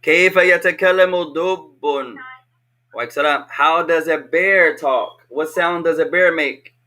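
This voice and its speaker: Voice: medium pitch, measured pace, sharp tone. A teacher leading an online language lesson for children, patiently repeating each question over a video call.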